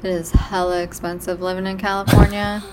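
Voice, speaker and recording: A woman's voice: medium pitch, little pitch movement, brisk, darkish tone, slight background noise, rough recording. A woman from Iowa co-hosting a casual chat podcast from a balcony, chatty and rambling. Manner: chatty, rambling, lots of fillers. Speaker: podcast co-host. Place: balcony behind a glass panel.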